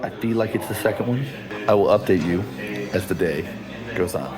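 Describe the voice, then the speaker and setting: Deep-voiced sleep-deprived man. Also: fairly quick, crowd noise. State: sleep-deprived, voice gone deeper. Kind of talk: vlog update to camera.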